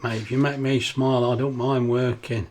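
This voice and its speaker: An older man talks casually in his home kitchen, drifting into rambling workplace stories and laughing often. His voice sits at an everyday middle pitch. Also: flat delivery, moderate pace, a little hiss or hum. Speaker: cooking vlogger. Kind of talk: casual kitchen vlog chat.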